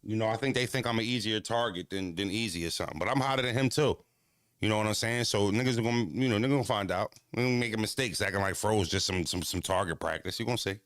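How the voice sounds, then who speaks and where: A battle rapper rants casually to his live-stream chat, animated and repetitive, lurching from low mutters to high exclamations. He talks fast, and the studio-quality audio has no echo.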